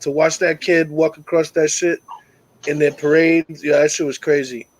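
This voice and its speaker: Middle aged guy hosting a call-in show, kinda high voice, cursing a lot, loose animated storytelling. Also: normal speed, no echo, poor audio. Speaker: host of a call-in talk show. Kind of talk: casual storytelling chat.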